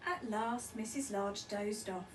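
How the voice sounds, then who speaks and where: A woman teacher reading a picture book aloud with lively, expressive storytelling. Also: medium pitch, roomy sound, far from the mic, slight background noise, rough recording.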